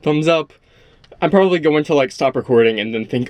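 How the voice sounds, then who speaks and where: A man's voice: on the high side, normal speed, no echo. Gushing, rambling young man, dry close sound. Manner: gushing, rambling, repeats himself. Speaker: show reviewer. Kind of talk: excited casual episode discussion.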